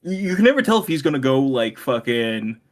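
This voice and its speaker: A man's voice: medium pitch, sing-song, a little fast. Podcast co-host, young man, loose rambling delivery with frequent laughs and casual swearing. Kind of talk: casual chat.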